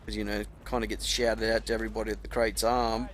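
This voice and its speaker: A man's voice: on the low side, little pitch movement, quick pace. A young Australian man giving casual, laid-back gameplay commentary, swearing freely and calling the listener mate. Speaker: gaming commentator.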